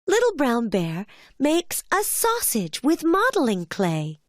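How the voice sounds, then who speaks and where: A woman narrating a children's cartoon in a clear, gentle storytelling voice, recorded as a studio voice-over. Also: sits high, huge pitch swings, slow pace, no echo.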